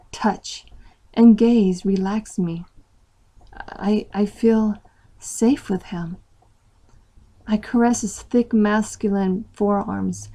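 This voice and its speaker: A woman narrates a story aloud in the first person, giving expressive weight to each line. Her voice is of middle pitch. She reads at an even storytelling pace.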